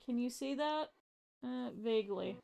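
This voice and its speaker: A woman's voice: on the high side, expressive, measured pace, creaky, dark tone. A young woman streamer chatting casually with her viewers while she sketches a sewing pattern, thinking aloud as she goes. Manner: thinking aloud, addressing chat. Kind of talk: casual live-stream chat while crafting.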